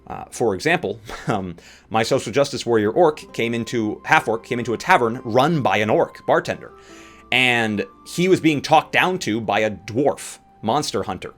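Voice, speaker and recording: A man's voice: mid-range voice, lively intonation, moderate pace, a bit bright. A young man who plays and runs tabletop games, giving casual, opinionated advice with rambling asides. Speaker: tabletop game player and dungeon master. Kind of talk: casual how-to advice talk. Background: faint guitar music.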